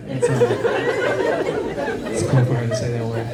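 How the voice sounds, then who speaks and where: Crude rambling stand-up comic in a loud club. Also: male voice, a little high, expressive, a little fast, far from the mic, very noisy. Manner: rambling, crude, conversational delivery. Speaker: stand-up comedian. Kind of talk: stand-up comedy set. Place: comedy club stage. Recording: echoey club, heard from afar, loud crowd.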